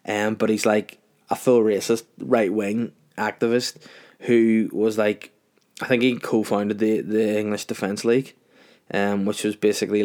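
A man's voice: on the low side, flat delivery, measured pace, darkish tone. A man in his thirties with a Northern Irish accent, ranting casually on his solo podcast, profane and rambling. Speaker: podcast host.

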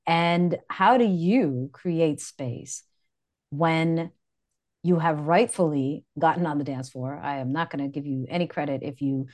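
A woman's voice: sits low, unhurried, darkish tone. A woman co-hosting a podcast in casual chat, laughing often and speaking directly to listeners. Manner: laughing often, direct, wraps up with calls to comment and subscribe. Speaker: podcast co-host.

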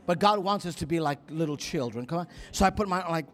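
A man preaching, telling a story in an animated way, acting out quotes with gasps and whispers. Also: high-pitched, fast talker, few pauses. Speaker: pastor. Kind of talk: sermon storytelling.

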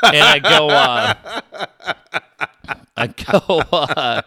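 A man's voice: a little high, expressive, very slow, pauses often, pushed and bright, no room sound, studio quality. A middle-aged man hosting a sports talk show, telling a profane story with lots of laughter. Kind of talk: casual storytelling chat.

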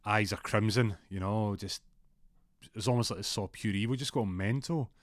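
A young man tells a spooky story in a loose, rambling way, often restarting his sentences. His voice sits on the low side. The recording is dry and close. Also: moderate pace, no room sound. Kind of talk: casual spoken storytelling.

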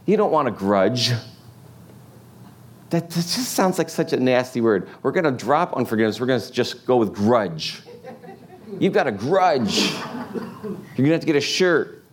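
A man's voice: medium pitch, sing-song, unhurried, pauses often. A man preaching a sermon in a casual, joking way, asking the congregation lots of rhetorical questions. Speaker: pastor.

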